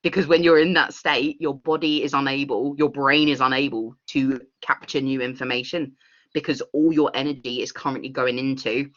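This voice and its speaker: A woman's voice: very deep voice, steady tone, normal speed, fairly bright tone, highs cut off. A woman leading an online workshop Q&A, enthusiastic and rambling, laughing often. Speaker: workshop facilitator.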